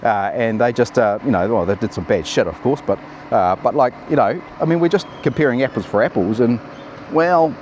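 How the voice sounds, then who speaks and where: A man's voice: medium pitch, normal speed, darkish tone, a little hiss or hum. Blunt, rambling New man. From New Zealand. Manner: rambling, blunt and cheeky with many fillers. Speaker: political commentary host. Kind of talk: casual opinion commentary.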